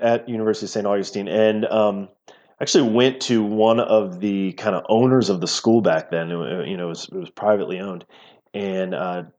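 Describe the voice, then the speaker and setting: A middle-aged man, a professor talking as an interview guest, explaining at length and often repeating words as he goes. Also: fairly low pitch. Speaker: physical therapy professor, guest. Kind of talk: casual interview talk. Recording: slightly dull lo-fi audio.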